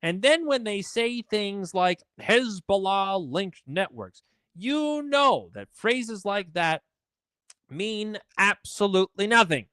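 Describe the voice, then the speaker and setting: A man's voice: high-pitched, expressive, slow pace, sharp tone, clear, resonant tone, no echo. A man hosting a political commentary live stream, ranting in a sarcastic, indignant way.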